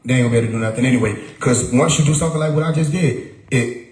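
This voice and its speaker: Man, livestream host, emphatic, repeats himself, mid pitch, echoey room. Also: rapid-fire, a little mellow. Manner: emphatic, repeats words, rhetorical questions. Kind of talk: casual livestream monologue.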